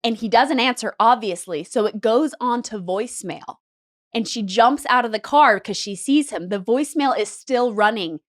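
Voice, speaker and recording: Woman, higher voice, breathless true-crime storyteller on a chat podcast. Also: normal speed. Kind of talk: casual chat.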